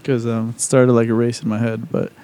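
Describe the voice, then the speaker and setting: Rambling, cursing man with a mellow voice. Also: mid-range voice, completely flat delivery, a little fast. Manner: rambling, profane, full of "like" and restarts. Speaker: podcast co-host. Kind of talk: casual podcast chat.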